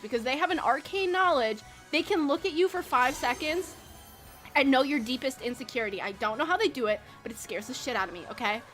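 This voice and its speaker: A woman's voice: high-pitched, bright, forceful tone. A young woman streaming a video game, chatting casually in a bubbly, rambling way, laughing often and swearing freely. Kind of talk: casual live-stream chat while gaming.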